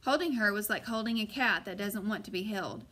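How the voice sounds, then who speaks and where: A woman narrating a first-person audiobook in a measured way, slowing on suspenseful moments. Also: medium pitch, a bit bright.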